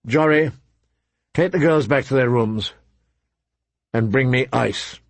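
A man's voice: medium pitch, slow, no echo. A man reading an audiobook, voicing a grave and honorable father in a voice close to his own. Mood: grave, earnest. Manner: grave, earnest.

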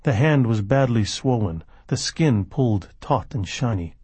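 A man narrating a novel in a measured storytelling manner. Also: medium pitch, animated, dark tone, husky, no echo. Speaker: audiobook narrator. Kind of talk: scripted narration.

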